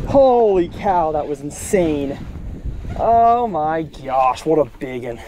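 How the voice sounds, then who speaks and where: An excitable man with a drawl narrates his fishing trip from a boat, his pitch leaping wildly as he cheers and coaxes the fish. His voice is warm and mellow, with faint outdoor noise behind him. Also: slow. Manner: excitable, exclaims and talks to the fish. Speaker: fishing channel host. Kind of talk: excited fishing vlog commentary.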